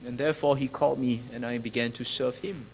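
A man voicing a zealous early apostle who was once a persecutor and is now a believer, giving an earnest first-person testimony with halting restarts. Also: medium pitch, fairly even intonation, gravelly, darkish tone, a little hiss or hum, voice pushed down, natural voice, low-quality recording.

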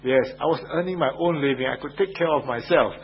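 A man's voice: a little high, fairly quick, husky. A man preaching a sermon in an emphatic way, repeating his phrases and asking the listeners rhetorical questions. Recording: dull lo-fi radio broadcast with faint hum.

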